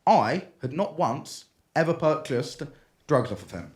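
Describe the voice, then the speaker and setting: Lively young British man telling a story. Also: on the high side, a little slow. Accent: British English. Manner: animated, laughs through his own story, acts out voices. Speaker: podcast co-host. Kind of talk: casual storytelling chat.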